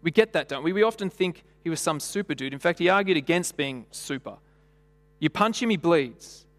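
A man's voice: fairly high pitch, lively intonation, normal speed, fairly bright tone. A man preaching a sermon in a church, conversational and full of rhetorical questions and stories. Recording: long hall reverb.

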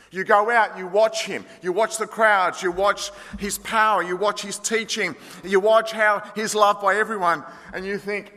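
A man preaching an expository sermon, storytelling with dramatic swings between loud and hushed delivery. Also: high-pitched, fairly even intonation, moderate pace, few pauses. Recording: long hall reverb.

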